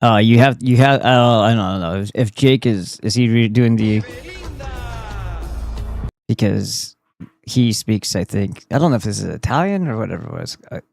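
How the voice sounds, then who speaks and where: A man streaming and reacting to clips, talking in a rambling, profane way with many halting restarts. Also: fairly low pitch, lively intonation, creaky, darkish tone, soft background music. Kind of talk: profane casual commentary.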